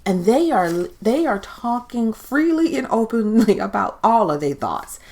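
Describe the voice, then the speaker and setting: A woman's voice: on the high side, expressive, unhurried, a little mellow. A woman recapping a TV show in a casual, chatty way, giving her opinions and acting out quotes. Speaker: TV recap host.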